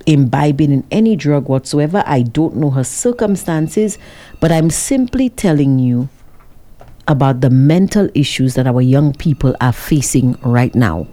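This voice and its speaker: A woman vlogger telling her viewers a dramatic story, with an animated, expressive delivery. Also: low-pitched. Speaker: vlogger working with a cameraman.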